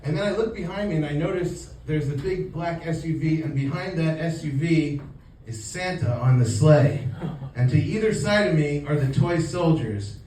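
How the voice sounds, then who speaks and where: A man's voice: a little high, normal speed. New man telling a stand-up story. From New York. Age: 40s. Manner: animated, acts out voices, laughs through lines. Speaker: stand-up comedian. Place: comedy stage in a club. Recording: roomy, from far off, with audience noise. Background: audience laughter.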